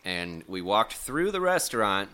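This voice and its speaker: A man's voice: fairly low pitch, unhurried, smooth. A man telling a rambling, profane story in casual podcast chat, acting out the people in it. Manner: profane, animated, acts out quotes.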